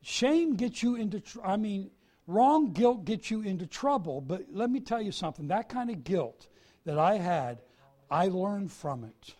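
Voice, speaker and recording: A male preacher giving a sermon, swinging from soft confession to loud emphasis. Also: sits high, expressive, measured pace.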